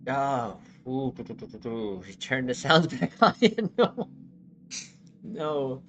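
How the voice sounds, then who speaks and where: A live streamer chatting with viewers, excitable, exclaiming and often laughing. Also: medium pitch, takes it slowly, slight background noise.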